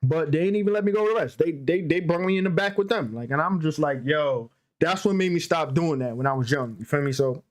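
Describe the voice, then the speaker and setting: Slangy, animated storytelling man. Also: a little high, fast talker, few pauses. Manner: slangy, loose, repeats filler phrases. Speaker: podcast co-host. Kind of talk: casual storytelling.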